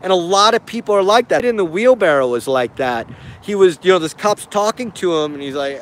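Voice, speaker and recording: A man's voice: sits high, animated, fairly quick, a little hiss or hum. A man giving casual spoken commentary on video footage, hesitant and puzzled, often repeating himself.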